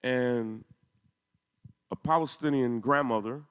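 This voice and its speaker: A man's voice: medium pitch, takes it slowly, clean tone. A man giving an emotional, intense talk, telling a story with rising emphasis. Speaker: speaker. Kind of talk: emotional speech to a congregation. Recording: echoey hall.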